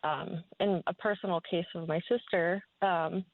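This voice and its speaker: A woman's voice: lowish voice, steady tone, normal speed, no room sound. A woman calling in to a radio show, speaking earnestly with many fillers and restarts. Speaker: caller. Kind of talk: phone-in opinion. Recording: tinny phone line.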